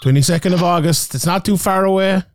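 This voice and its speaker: A man hosting an interview podcast, talking in a quick, friendly and encouraging way. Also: high-pitched. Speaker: podcast host. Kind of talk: casual interview chat.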